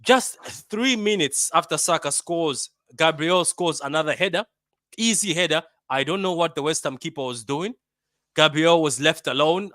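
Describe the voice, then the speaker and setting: Fan-channel host, man from Africa: bantering match reaction, bright forceful voice, fairly high, dry close sound. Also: no room sound. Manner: animated, bantering, repeats himself.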